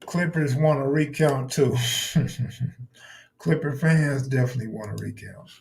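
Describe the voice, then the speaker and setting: With a gravelly, slightly mellow medium-pitched voice and a measured pace, a man riffs on his live stream. He swears freely, speaks bluntly, and responds to viewers in chat.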